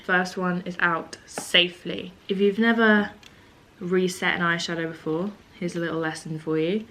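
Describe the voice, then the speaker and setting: A young woman with a slightly low voice talks straight to a camera on a tripod at home. She tells stories in a chatty, self-mocking way and keeps things lively and casual. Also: moderate pace, a little hiss or hum. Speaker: beauty vlogger. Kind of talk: casual vlog chat to camera. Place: home room at a table.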